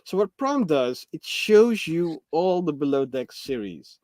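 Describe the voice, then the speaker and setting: A man's voice: a little high, big pitch swings, a little slow, darkish tone, no echo, clean studio sound. A man co-hosting a casual chat, teasing his friend and laughing a lot. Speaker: co-host.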